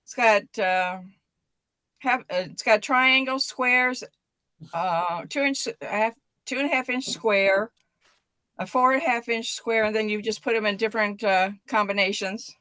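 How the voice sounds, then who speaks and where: A woman from Illinois, a guest on a livestream, talking hesitantly with many pauses and fillers. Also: a little high, bright, forceful tone, no echo. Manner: hesitant, many ums and uhs. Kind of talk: casual chat.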